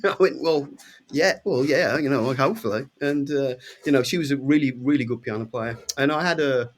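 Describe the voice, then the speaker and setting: Guest, English male, 60s, mid-pitched, rambling storyteller who voices the people in his tales. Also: brisk. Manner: lively anecdotes, acts out quoted voices with big pitch jumps. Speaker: guest musician. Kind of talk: casual storytelling.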